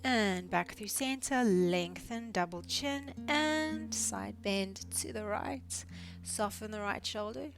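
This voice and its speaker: Calm woman guiding neck exercises. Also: medium pitch, slow, creaky, music in the background. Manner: calm, encouraging step-by-step cueing. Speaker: physiotherapist instructor. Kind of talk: guided exercise instruction.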